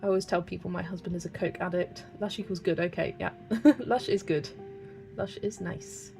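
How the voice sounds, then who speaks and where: A woman's voice: lowish voice, steady tone, moderate pace, creaky, a little mellow, soft background music. A young British woman with a British accent, chatting casually and giggling while she colours on a livestream and reads out viewer comments. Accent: British English. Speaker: colouring channel host.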